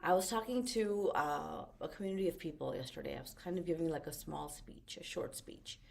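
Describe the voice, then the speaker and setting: A middle-aged woman life coach giving a motivational webinar talk, expressive, with lively swings in pitch and loudness. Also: fairly quick, gravelly.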